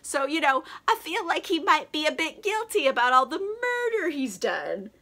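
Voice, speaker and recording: Bright, chatty tipsy woman vlogger. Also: sits high, big pitch swings, normal speed. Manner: slangy and profane, heavy use of "like", laughs a lot. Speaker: book vlogger. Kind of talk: casual chatty book recap.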